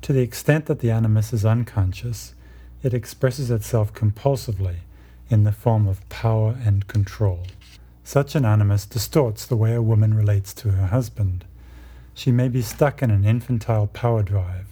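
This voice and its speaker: In a low register, a man with a very dark, mellow, somewhat husky voice gives a lecture on myth and psychology. He explains things in a measured way, leading listeners through the ideas step by step.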